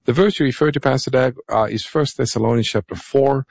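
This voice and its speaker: A man co-hosting a radio Bible call-in show, gently explaining scripture and taking callers. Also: medium pitch, creaky, no room sound, studio quality. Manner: gentle, explanatory, reads phone numbers slowly. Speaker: radio co-host pastor.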